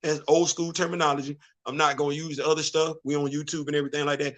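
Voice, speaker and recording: A middle-aged man hosts a casual livestream through a streaming setup, talking in loose slang. He repeats himself, stammers through restarts, and sings snatches of songs. His fairly high, slightly bright voice stays flat in pitch, moving quickly with few pauses.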